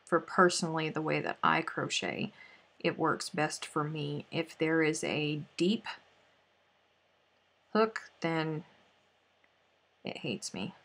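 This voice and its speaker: A middle-aged Southern woman hosts a crochet live stream, chatting to viewers in an unhurried drawl. Her voice sits a little low and has a gravelly, creaky edge. Now and then she drops to counting stitches under her breath. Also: animated, fairly bright tone. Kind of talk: casual live stream chat while crocheting.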